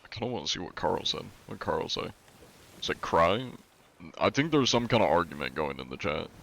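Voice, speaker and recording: A man's voice: expressive, moderate pace, creaky, a bit bright. A man streaming a game live, answering his chat in a wry, joking, rambling way. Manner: says he is often compared to a deep-voiced narrator.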